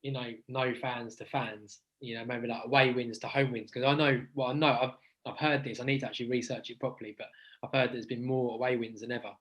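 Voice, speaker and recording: A man's voice: mid-range voice, steady tone, brisk, fairly bright tone, poor audio. A man co-hosting a podcast as a youth football coach, talking in a rambling, earnest and encouraging way over a remote call. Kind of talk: casual podcast chat.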